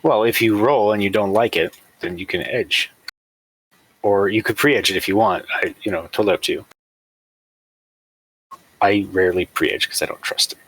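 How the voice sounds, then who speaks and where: A man playing an online tabletop game, calmly explaining the rules. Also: lowish voice, moderate pace, long pauses, slightly rough, dry recording, low-quality recording. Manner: easygoing, explanatory. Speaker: player, rules adviser. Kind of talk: casual game talk.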